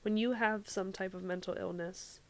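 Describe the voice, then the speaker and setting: A woman hosting a podcast, chatting casually, thinking aloud with fillers and offering steady affirmations. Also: medium pitch, normal speed. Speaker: podcast host. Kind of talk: casual interview chat.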